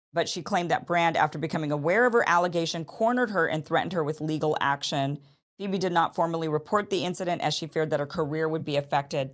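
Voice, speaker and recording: A woman host in her thirties giving spoken commentary on a news story, thinking aloud with frequent restarts. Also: sits low.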